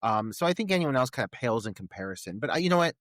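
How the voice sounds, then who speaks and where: A man's voice: medium pitch, sing-song, very fast, a bit bright, dry recording. Candid man chatting on a podcast, dry. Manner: candid, crude humor, frequent hesitations. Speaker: podcast co-host. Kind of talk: casual film commentary chat.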